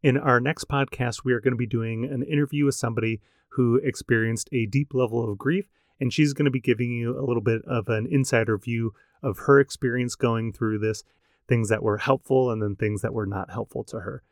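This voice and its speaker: A man co-hosting a podcast, giving a brisk friendly sign-off. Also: medium pitch, steady tone, dry recording, studio quality. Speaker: podcast co-host. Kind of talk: podcast outro. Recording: podcast voice over clear music.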